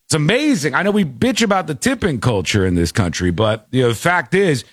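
A man from the United States hosting a casual talk show, speaking in a lively, animated way with frequent laughter. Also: fairly high pitch, a little fast, no echo, studio quality. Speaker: podcast host. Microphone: studio mic.

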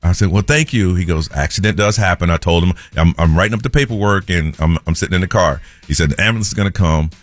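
A man, a morning radio host telling a story in an animated way and acting out the people in it. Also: sits low, fast talker, hardly any pauses, dry recording. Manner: animated storyteller, acts out quoted voices.

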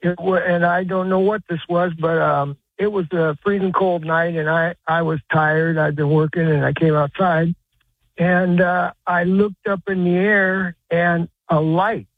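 A man calling in to a radio show, telling a personal story in a halting, rambling way with lots of restarts. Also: high-pitched, fairly even intonation, dry recording. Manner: rambling, halting, many uh's and restarts, earnest. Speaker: caller. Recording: tinny phone line.

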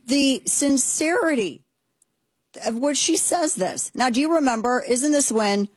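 A woman's voice: high-pitched, unhurried, breathy edge, no room sound. A woman hosting a talk show, giving indignant, sarcastic commentary with plenty of emphasis. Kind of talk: opinionated commentary.

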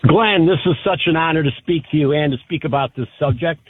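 A man's voice: on the high side, fairly quick, breathy edge. A man calling in to a radio talk show, proud and grateful as he talks about his family. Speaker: caller. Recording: tinny phone line.

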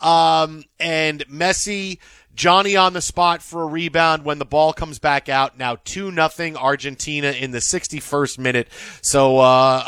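Sports talk host, male, rambly and jokey, a bit high, dry studio sound. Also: bright, forceful tone, clean tone, dry recording. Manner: rambling, jokey, repeats words.

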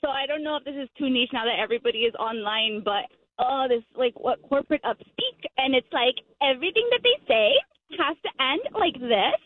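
Woman caller, high pitch, chatty and animated, dull lo-fi call-in sound. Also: a little fast, no echo. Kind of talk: phone-in chat.

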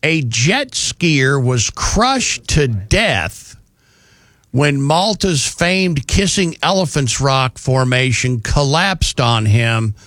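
A man hosting a talk show, telling news stories in a casual, animated way with jokey asides. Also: mid-range voice, slow, dry recording. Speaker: radio show host.

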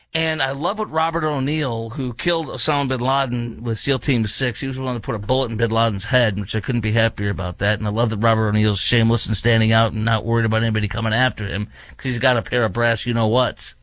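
A man's voice: mid-range voice, a bit bright, dry recording. Heated male talk show host, dry mic. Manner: heated, emphatic, with many fillers. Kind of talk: opinionated talk radio monologue. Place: studio in a large US city.

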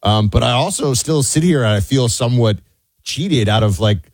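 A man's voice: mid-range voice, animated, moderate pace, no echo. A man co-hosting a talk radio show, chatting with his partner and then reading a sponsor ad. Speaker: radio co-host. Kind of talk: talk radio chat and ad read.

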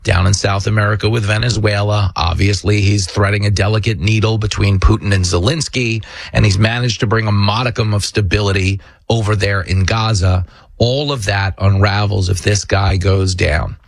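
A man's voice: lowish voice, fairly even intonation, moderate pace, gravelly, no echo. A man hosting a political commentary show, talking emphatically and sarcastically. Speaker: show host.

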